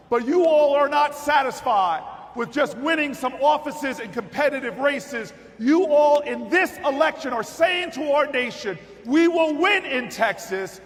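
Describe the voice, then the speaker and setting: A man giving a rousing political speech at a party convention, telling a story and building to shouted, repeated calls. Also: very high voice. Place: large convention hall with audience. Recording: echoey hall with crowd noise.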